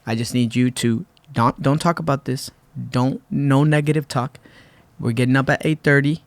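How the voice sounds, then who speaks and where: A man from Puerto Rico tells a long, lively story as a podcast guest, slipping into his friends' voices as he goes. His voice sits in a middle register. The studio sound is dry and close. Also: medium pitch, normal speed, no echo. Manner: animated, acts out friends' lines. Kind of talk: casual storytelling.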